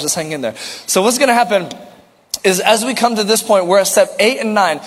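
A man's voice: high voice, brisk, long reverb tail. A man preaching a sermon as pastor, earnest and repetitive, asking rhetorical questions and slipping in light jokes.

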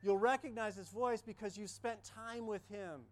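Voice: medium pitch, fairly even intonation, moderate pace. A pastor preaching a sermon during a church service, talking emphatically, repeating key phrases and asking the congregation questions. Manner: emphatic, repetitive, asks the congregation many questions.

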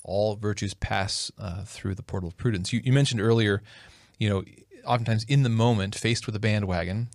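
Reflective man with a low voice. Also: fairly even intonation, brisk, few pauses, no room sound, clean studio sound. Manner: reflective, thinks aloud with restarts. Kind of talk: casual conversation.

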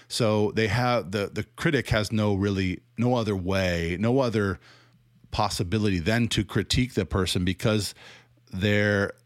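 Sarcastic Southern man, low dry voice. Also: dry recording. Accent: Southern American. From American South. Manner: sarcastic, laughs often, halting restarts. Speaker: commentator on church teaching. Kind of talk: critical commentary monologue.

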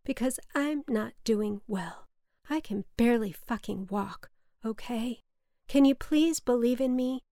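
A theatrical older mother with a gravelly smoker's rasp, as a woman puts her on. She drawls grandly and leans on every word like a faded diva. The voice sits a little high and sounds close and dry. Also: measured pace, mellow, no echo. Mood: pleading.

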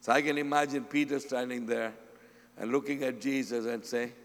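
A man preaching a sermon, often asking the congregation "Amen?", acting out quoted voices and swinging between loud and soft. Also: medium pitch, steady tone, moderate pace, a little hiss or hum. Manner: call-and-response, repeats "Amen?" often. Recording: long hall reverb.

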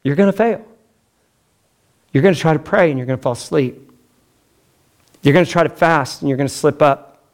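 Male pastor, chatty humorous sermon, somewhat high voice, acts out quotes. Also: normal speed, pauses often. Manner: conversational and humorous, acting out quotes with big pitch swings.

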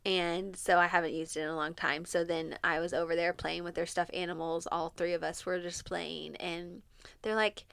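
A young woman, co-hosting a podcast, who talks openly, laughs often and grows animated when retelling events. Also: fairly low pitch, normal speed, gravelly, clear, resonant tone, no room sound. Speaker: podcast co-host. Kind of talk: candid conversation.

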